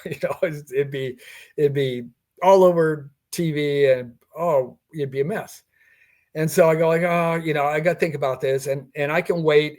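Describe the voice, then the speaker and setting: An older man telling a personal story in a podcast interview, acting out the dialogue and chuckling as he goes. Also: medium pitch. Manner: recounting a personal encounter with quoted dialogue and chuckles. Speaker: guest.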